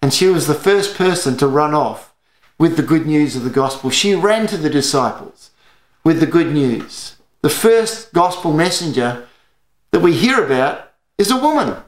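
A man's voice: a little high, lively intonation, moderate pace, reverberant. An Australian man preaching an earnest sermon as pastor, telling stories to his church.

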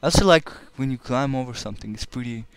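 A man's voice: medium pitch, quick pace, clean tone, no echo. A man casually commenting while playing a shooter game, rambling and often restarting words. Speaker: let's play commentator.

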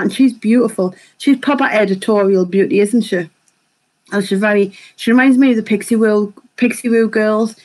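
A woman, chatting quickly while hosting a live makeup tutorial and reading viewer comments aloud. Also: mid-range voice, a little mellow, rough recording. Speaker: beauty vlogger hosting a live stream.

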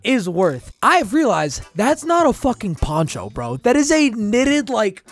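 A man's voice: sits high, big pitch swings, a little slow, soft background music. A man hosting a price-guessing game on a live stream, brash and profane, joking with chat. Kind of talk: casual live-stream banter.

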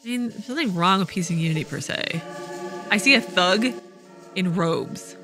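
A woman's voice: on the low side, animated, normal speed, music in the background. A woman hosting a let's play, wryly reading the game's dialogue aloud and commenting as she plays. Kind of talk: casual gameplay commentary.

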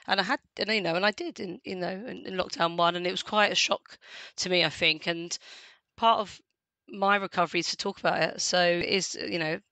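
A woman in her forties, a podcast guest, talking in a chatty, animated way and laughing often. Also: on the low side, no room sound. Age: 40s. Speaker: guest, community radio host. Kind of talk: casual podcast conversation.

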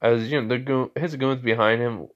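A man's voice: medium pitch, steady tone, normal speed, lo-fi sound. A young man improvising a fan story, rambling with frequent fillers. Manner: rambling, full of "you know" and "as" fillers. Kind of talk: improvised fan-fiction narration.

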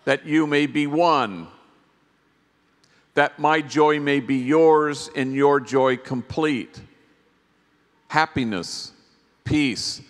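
A priest giving a workshop talk at a conference, telling stories in a gentle, reflective way with pauses. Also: male voice, fairly high pitch. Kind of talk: storytelling keynote talk. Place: large conference hall. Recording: long hall reverb.

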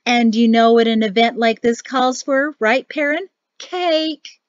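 A woman's voice: on the high side, fairly even intonation, moderate pace, no room sound, natural voice. A woman voicing a cheerful, pushy older mother-in-law who talks in a sing-song way. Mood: gushing. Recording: dry, slightly muffled audio.

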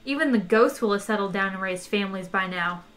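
A woman voicing a breezy, offhand male spaceship captain in a storybook reading, loud and bossy. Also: medium pitch, brisk, soft background music, close to an everyday voice. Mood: dismissive.

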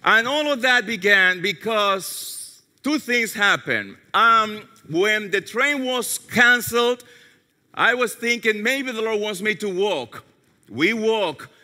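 A male pastor preaching a sermon, telling a story and dropping softly into quoted prayers. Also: sits high, lively intonation, slow. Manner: storytelling, drops to soft tones for quoted prayers. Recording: long hall reverb.

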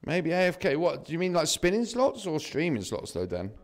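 A man's voice: a little high, wildly swooping pitch, a little fast. Chatty English man streaming slots. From southeast England. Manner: laid-back, chatty, calls viewers mate and bro. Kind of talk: casual live-stream chat reading viewer messages.

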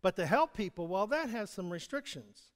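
A man delivers a sermon in an easy, conversational manner, often chuckling and asking his congregation direct questions. His voice sits high for a man. A long reverb from the church sanctuary trails after his words. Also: expressive, moderate pace. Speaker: pastor.

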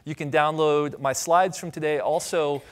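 Middle-aged man from Ohio, keynote speaker, higher-pitched voice, animated and humorous with the crowd. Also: normal speed. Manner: animated storytelling, audience asides, light humor. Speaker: conference speaker. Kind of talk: keynote talk with audience questions. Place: conference stage.

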